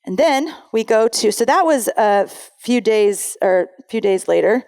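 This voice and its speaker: A woman's voice: a little high, animated, unhurried, a little mellow. A woman pastor giving a sermon in a conversational way, reading scripture aloud and often correcting herself mid-sentence.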